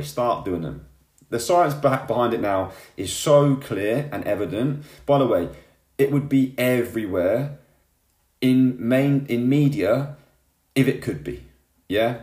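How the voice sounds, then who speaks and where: With a medium-pitched, darkish voice, this man speaks straight to camera as a motivational vlogger, pumping up his talk and capping lines with "yeah?" and "right?". The recording has an echoey room sound.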